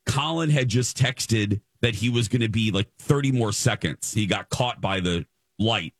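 A man's voice: lowish voice, moderate pace, no echo, studio quality. A man hosting a radio show, telling a story in casual chat and stumbling over repeated words as he relives the moment.

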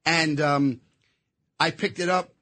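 A man talks with a lot of emphasis in a casual interview, often circling back over the same words. His voice sits a bit high for a man. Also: fairly even intonation, slow, pushed and bright, dry recording. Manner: emphatic, repetitive storyteller. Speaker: actor and guest.

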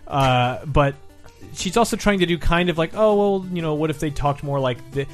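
A man's voice: fairly high pitch, moderate pace, faint music behind. A man co-hosting a casual podcast, rambling and laughing often, with a loose, swearing style. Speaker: podcast co-host. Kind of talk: casual chat.

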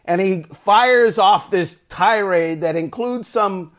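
Podcast host, male, lively anecdote teller, slightly high pitch. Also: slow. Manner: animated anecdote-telling, acts out quoted voices. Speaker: sports reporter and podcast host. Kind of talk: casual storytelling.

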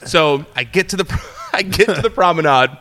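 Expressive and a little fast, this young former entertainment reporter has a bright, forceful tone. Chatting casually, he tells a story with many fillers and restarts, raising his voice to act out quotes.

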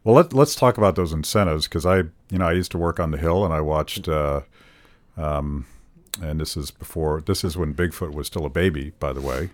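A male host with a very low voice leads a relaxed interview conversation. He speaks in a measured, reflective way and pauses on fillers now and then.

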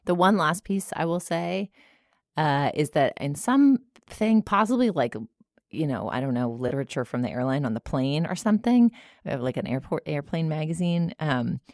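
A woman's voice: deep voice, lively intonation, moderate pace, a little mellow, no room sound, studio quality. An American woman co-hosting a podcast, chatting casually with frequent restarts. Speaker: podcast co-host. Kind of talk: casual chat.

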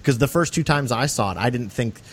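An earnest man hosting a podcast and talking casually about a film. His voice sits at a mid pitch. He talks with animated conviction and keeps checking that his listeners agree. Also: brisk, slightly rough. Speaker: podcast host.

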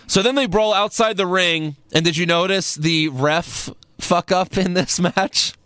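A man hosting a casual chat, recapping events in a relaxed storytelling way. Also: sits high, a little slow, no room sound. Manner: laid-back storytelling recap, acts out quotes. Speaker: podcast host recapping wrestling.

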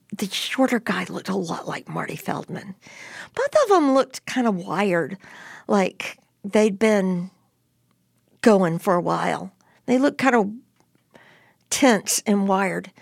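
A woman telling a personal story in an interview, emphatic and animated. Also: medium pitch, creaky, no room sound, clean studio sound. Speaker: storyteller guest.

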